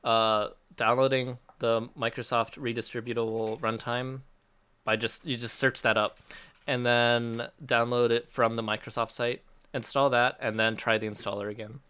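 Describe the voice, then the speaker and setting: With a clear, resonant, sharp tone, this man speaks at a moderate pace and medium pitch with little pitch movement. He's an app developer hosting a casual Q&A on a release livestream, reading chat questions and replying in an upbeat, chatty way full of laughs and restarts.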